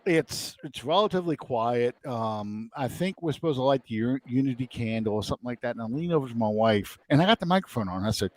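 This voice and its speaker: A man's voice: medium pitch, fast talker, hardly any pauses. A middle-aged man, hosting a podcast and telling a story in casual chat, acting out the quotes he tells. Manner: animated, acts out quotes. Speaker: podcast host.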